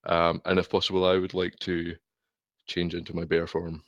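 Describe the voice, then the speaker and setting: A man playing in a tabletop game, describing the scene slowly and vividly. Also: sits low, monotone, muffled recording, noisy background. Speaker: player.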